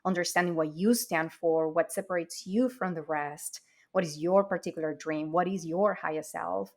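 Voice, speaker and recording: A woman's voice: lowish voice, moderate pace. A woman speaking English, a guest in an interview, upbeat and confident. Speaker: guest, acting coach. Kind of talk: casual interview chat.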